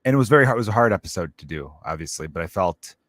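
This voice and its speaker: A man's voice: deep voice, animated, rapid-fire, a bit bright, dry recording, studio quality. A man hosting his own comedy podcast, ranting casually with lots of swearing and rambling asides. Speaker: podcast host.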